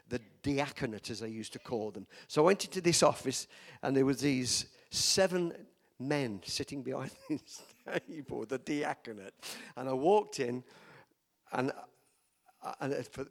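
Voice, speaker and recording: An older man, a pastor, preaching by telling a personal story and acting out the dialogue. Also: mid-range voice. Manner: animated storyteller, acts out dialogue, rises to loud emphatic declarations. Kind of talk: sermon storytelling.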